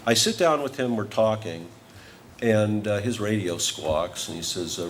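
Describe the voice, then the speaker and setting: Storytelling man with a low voice. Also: expressive, measured pace, a little hiss or hum. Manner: storytelling with comic timing. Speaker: award honoree giving a speech. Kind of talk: humorous anecdotal acceptance speech.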